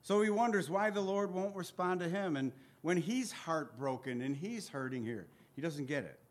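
An earnest man with a somewhat high voice teaches through scripture verse by verse. He reads old biblical wording aloud, voices its pleas with feeling, and breaks off to speak plainly to his listeners. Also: animated, normal speed. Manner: conversational asides to listeners. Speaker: Bible teacher.

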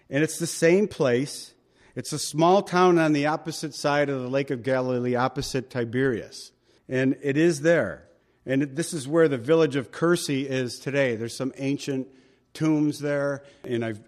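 A male pastor with a medium-pitched voice teaches the Bible verse by verse, conversational yet emphatic, tossing chatty asides to his congregation.

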